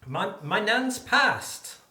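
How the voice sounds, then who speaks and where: A man's voice: high voice, very animated, drawn-out words, sharp tone. A man investigating an abandoned hospital at night, speaking in a laid-back way as he reports what he hears. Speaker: paranormal investigator. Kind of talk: casual chat on a ghost hunt. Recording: echoey empty room.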